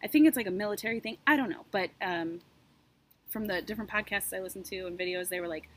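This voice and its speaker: A woman's voice: mid-range voice, fast talker, a bit bright. A woman co-hosting a podcast, recounting a true-crime case in a chatty, sarcastic way with lots of asides and fillers. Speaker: podcast co-host. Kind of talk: casual true-crime storytelling.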